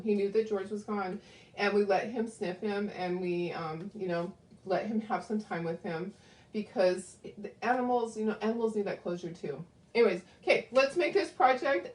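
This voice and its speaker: A woman's voice: medium pitch, a little mellow. A woman hosting a casual craft livestream, talking to viewers with lots of ums and asides, grieving and close to tears. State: grieving and tearful. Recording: echoey room.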